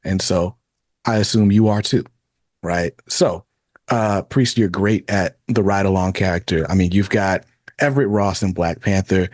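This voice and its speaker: Male podcast co-host with a very deep voice on a dry, close recording, relaxed as he explains things. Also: moderate pace, dry recording. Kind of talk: casual interview chat.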